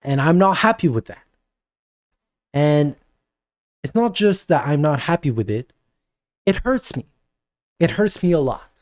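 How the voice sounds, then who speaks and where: A man's voice: a little high, lively intonation, unhurried, pauses often, darkish tone, no room sound. An earnest parent pleads with a daughter, coaxing and insistent, as a man acts him out. The voice swings widely up and down as he repeats himself. It stays close to an everyday speaking voice. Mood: pleading.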